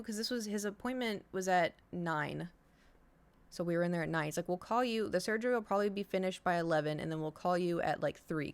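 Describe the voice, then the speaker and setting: A woman streamer chatting casually to her viewers, telling a long rambling story full of fillers and acted-out quotes. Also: fairly low pitch. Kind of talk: casual chat.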